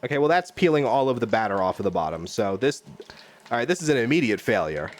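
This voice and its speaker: A man's voice: medium pitch, very animated, quick pace. Guy cooking on stream in his kitchen, rambly and self-mocking, voice jumps all over. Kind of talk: live cooking stream chat. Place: home kitchen.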